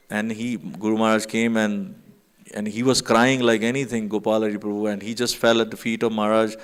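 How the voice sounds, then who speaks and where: A man's voice: fairly low pitch, flat delivery, brisk, smooth. A man telling a personal story to a temple gathering, in a rambling way full of fillers, acting out what others said. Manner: storytelling with many fillers, acts out quotes. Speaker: devotee sharing memories. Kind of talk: anecdote to a gathering. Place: temple hall.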